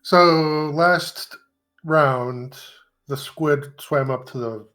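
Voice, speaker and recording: A man's voice: fairly high pitch, drawn-out words, fairly bright tone. A man playing a tabletop game, unsure of himself and working out his move aloud. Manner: unsure, thinks aloud and restarts. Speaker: player.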